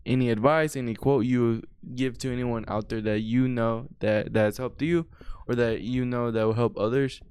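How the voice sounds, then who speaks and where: Smooth-voiced male podcast host. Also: mid-range voice, steady tone, moderate pace, hardly any pauses, a little mellow, no room sound. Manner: easygoing, rambling questions. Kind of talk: casual chat.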